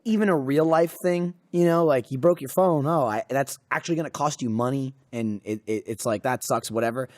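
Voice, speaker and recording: A man co-hosting a podcast in casual chat, telling stories in a profane way with shouted outbursts. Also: medium pitch, fairly quick, few pauses. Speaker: podcast co-host.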